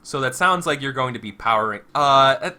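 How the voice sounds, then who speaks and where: A man's voice: medium pitch, lively intonation, fast, pushed and bright. A man running a tabletop game as game master, narrating with lots of fillers and restarts. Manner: hesitant, full of fillers and restarts.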